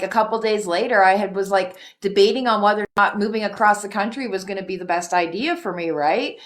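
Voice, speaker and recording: Lady host telling a story all worked up, swears a lot, laughs, mid-pitched voice. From Canada. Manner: animated storyteller, swears freely, laughs often. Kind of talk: casual chat.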